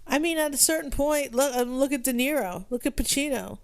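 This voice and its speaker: Woman, podcast co-host, somewhat high voice, casual chat, teasing. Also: fairly quick.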